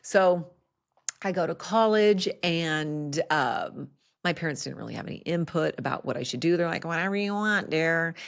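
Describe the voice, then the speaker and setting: A middle-aged woman with a low, gravelly voice recounts her own past on a podcast. She talks candidly, with lively asides and frequent laughs. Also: moderate pace. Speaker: podcast host. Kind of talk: personal storytelling.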